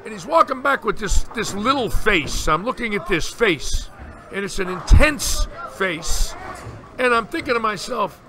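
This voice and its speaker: Older man telling animated bowling stories. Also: high-pitched, unhurried, music in the background. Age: 60s. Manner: animated storyteller, acts out quotes. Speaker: bowling commentator. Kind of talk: storytelling in casual chat. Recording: noticeable background noise.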